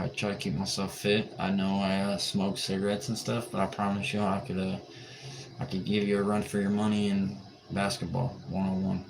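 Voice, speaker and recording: Man, low voice, tired, laid-back, answers chat, noisy livestream audio. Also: vocal fry. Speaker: livestream host. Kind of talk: late-night livestream chat.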